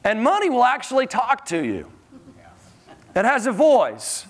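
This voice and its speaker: A man preaching a sermon in a church in a conversational, animated way, often chuckling and repeating his words. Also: very high voice, a little slow.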